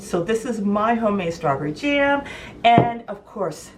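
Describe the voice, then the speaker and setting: A woman's voice: mid-range voice, expressive, measured pace, far from the mic, a little hiss or hum. A woman chatting enthusiastically and emphatically in a home cooking vlog. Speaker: vlogger. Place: home kitchen.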